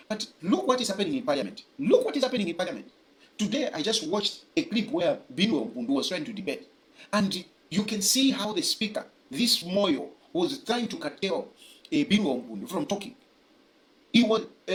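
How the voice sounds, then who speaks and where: Emphatic man, high animated voice. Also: low-quality recording. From Zambia. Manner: forceful, repeats his points for emphasis. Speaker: political commentator. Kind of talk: emphatic political commentary.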